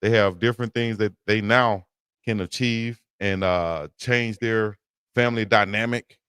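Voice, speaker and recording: Low-voiced dude chilling on a sports talk show, slangy, laid-back. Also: male voice, a little slow, clean tone, dry recording, studio quality. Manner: relaxed, slangy, gives shout-outs. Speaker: co-host.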